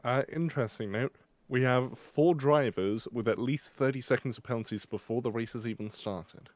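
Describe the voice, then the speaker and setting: A man's voice: medium pitch, moderate pace, no echo. A man co-commentating on an online sim race, dry and matter-of-fact. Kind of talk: live esports race commentary.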